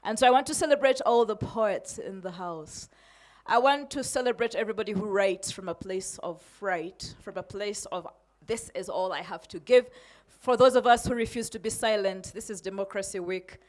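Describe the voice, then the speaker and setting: A woman's voice: medium pitch, normal speed. A woman from Uganda, in her forties, speaking as a poet with a shaky, emotional but defiant delivery before a reading.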